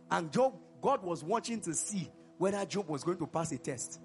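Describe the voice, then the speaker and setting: A man preaching a sermon in an animated way, asking the congregation questions and answering them himself. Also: high-pitched, moderate pace, faint music behind. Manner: breaks into song mid-sermon.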